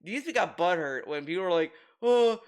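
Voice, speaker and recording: A man's voice: fairly high pitch, big pitch swings, fast. A man hosting a commentary video, talking casually and profanely, often repeating words and restarting his sentences.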